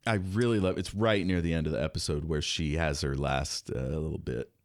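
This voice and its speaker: A man's voice: a bass voice, steady tone, no echo, clean studio sound. A man hosting a podcast, chatting casually and joking often. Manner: joking, chatty, quick to laugh. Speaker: podcast host. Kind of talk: casual chat.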